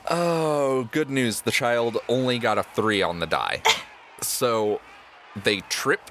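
A man's voice: mid-range voice, expressive, slow pace, loud music behind the voice. A man narrating as game master of a tabletop game, playful and often chuckling.

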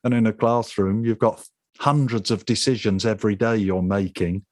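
A man's voice: on the low side, fairly even intonation, moderate pace, no room sound, studio quality. A man hosting a casual chat about teaching, talking easily and tagging questions onto his points. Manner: conversational, asks tag questions. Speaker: podcast host.

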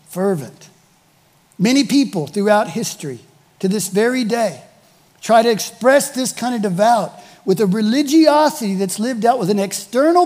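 A man's voice: high voice, darkish tone, in a large hall. A male pastor preaching a sermon with emphasis, repeating key phrases for weight.

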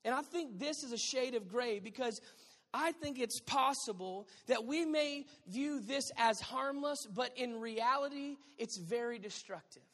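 A woman's voice: fairly high pitch, unhurried, in a large hall. A woman pastor preaching a sermon, emphatic and conversational with playful asides to the congregation.

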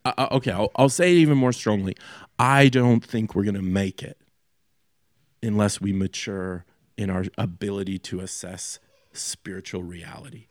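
A man's voice: on the low side, moderate pace, dry recording, clean studio sound. A man preaching a sermon as a pastor in a loose, conversational way, with many fillers and restarts.

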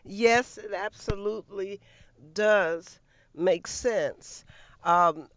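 An interview host asking measured, attentive questions. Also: mid-range voice, smooth, dry recording. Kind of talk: conversational interview. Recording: slightly muffled, lo-fi audio.

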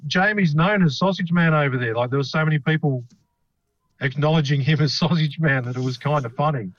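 A man's voice: a little high, brisk, dry recording, dull audio. An Australian man chatting casually as a podcast host, rambling with lots of fillers and the odd swear word. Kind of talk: casual chat.

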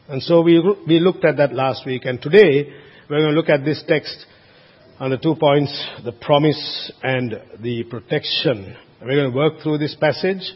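A man with a high, husky voice preaches a sermon to his congregation. He is earnest and emphatic, often restarting phrases and tossing in casual asides. The recording is dull and lo-fi, with a long reverb trailing off the church walls. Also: normal speed. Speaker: pastor. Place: church sanctuary.

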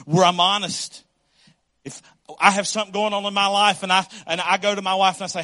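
A man preaching a sermon as pastor, emphatic and animated, acting out the voices he quotes and swinging from loud to hushed. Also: high voice, brisk, no echo.

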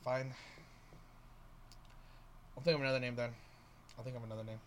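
A man's voice: mid-range voice, steady tone, brisk, a little hiss or hum. A man co-hosting a podcast, easygoing and joking in rambling casual banter. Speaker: podcast co-host.

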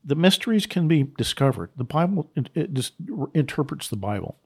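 Preacher, male, slightly high-pitched, emphatic off-the-cuff preaching that hammers on repeated lines. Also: sing-song, fairly quick, darkish tone, husky. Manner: emphatic, repeats key phrases; unscripted, with restarts and asides. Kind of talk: preaching on scripture.

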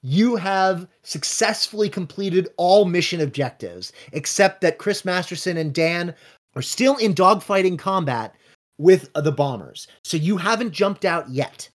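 Guy running a tabletop game, slightly high voice, brisk matter-of-fact narration. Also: animated. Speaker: game master.

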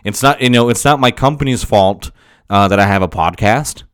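A man's voice: lowish voice, normal speed, a bit bright, smooth, no room sound, studio quality. Profane rambling man on a podcast. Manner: profane, rambling, self-motivating with frequent laughs. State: strained voice. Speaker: podcast host. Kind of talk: casual solo podcast monologue.

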